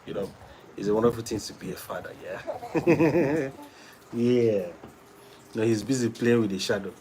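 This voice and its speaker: Man, casual live-stream chat, playful and coaxing, slow pace. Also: medium pitch, dark tone, slight background noise, rough recording. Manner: playful, coaxing, repeats himself a lot.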